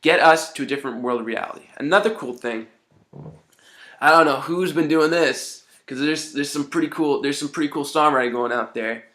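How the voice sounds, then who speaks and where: A man's voice: on the high side, brisk, bright, forceful tone. Rambling man giving songwriting tips. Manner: rambling, keeps saying "you know what I mean". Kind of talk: casual spoken advice.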